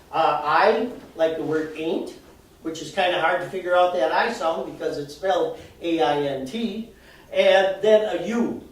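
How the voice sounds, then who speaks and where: A man with a fairly high voice gives a live, chatty talk to an audience, explaining things with everyday examples and laughing at himself now and then. He sounds far from the mic in a very echoey hall. A faint noise sits under the recording. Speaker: presenter. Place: arts center event room, indoors.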